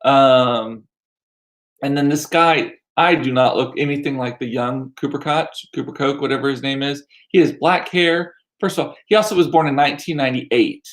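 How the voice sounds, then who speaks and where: A man's voice: medium pitch, normal speed, fairly bright tone. A man in his forties telling stories in a chatty, irreverent way, laughing often. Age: 40s. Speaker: vlogger. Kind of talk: casual storytelling.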